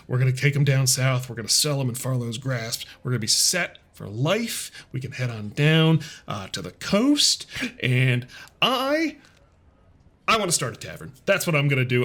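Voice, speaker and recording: A man's voice: medium pitch, fairly bright tone. A man plays a young adventurer a couple of drinks in, rambling and overjoyed. His voice swoops up and down as he babbles. It has the bounce of someone who can't stop grinning. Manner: rambling and giddy.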